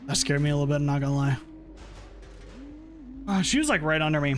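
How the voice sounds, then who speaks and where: Young man, game streamer, casual chat, frequent swearing, slightly high voice, faint background music. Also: fast talker. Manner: chatty, swears often, reacts loudly in frustration. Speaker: streamer playing a horror game.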